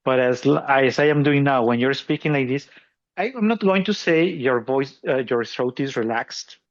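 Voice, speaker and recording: A man's voice: medium pitch, moderate pace. Self-mocking man with a lo-fi sound. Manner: laughs often, self-deprecating. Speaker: podcast co-host. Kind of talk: casual explanatory chat.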